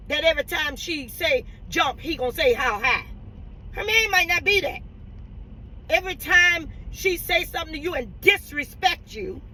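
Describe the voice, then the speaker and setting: A woman's voice: extremely high pitch, pushed and bright, low-quality recording. A woman host giving impassioned, scolding advice straight to camera, speaking. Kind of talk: direct-to-camera advice talk.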